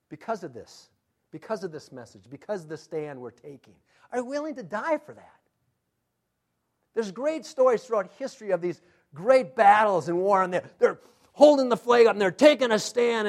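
Guy preaching a sermon, high voice for a man, fires off questions, goes loud then soft. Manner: emphatic, rhetorical questions, swings loud to soft. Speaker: pastor.

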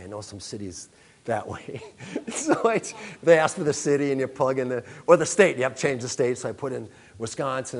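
A pastor preaching, telling a lively personal story and acting out his own panic before drawing the lesson. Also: medium pitch.

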